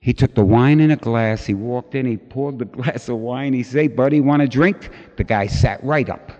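A man's voice: medium pitch, moderate pace, warm tone. A middle-aged man tells his recovery story to a crowd, acting out the voices of other people as he goes. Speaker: recovery meeting speaker. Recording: dull lo-fi recording with long hall reverb.

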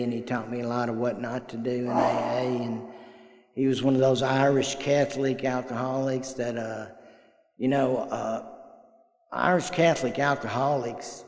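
An older man, telling folksy personal stories at a recovery meeting and acting out the dialogue. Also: mid-range voice. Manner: folksy storyteller, acts out quoted dialogue. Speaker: AA meeting speaker. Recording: echoey hall.

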